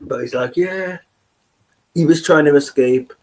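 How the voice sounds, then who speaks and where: Man, casual storytelling, mid-pitched voice, rambling, keeps checking in with listeners. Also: fairly even intonation, fairly quick, darkish tone. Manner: rambling, says "you get me" constantly. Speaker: podcast host.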